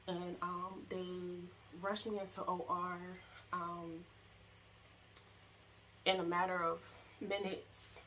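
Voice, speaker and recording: A young woman telling her own story, halting and emotional, with many fillers and restarts. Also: lowish voice, a bit bright, slight background noise, rough recording. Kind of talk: personal storytelling to camera.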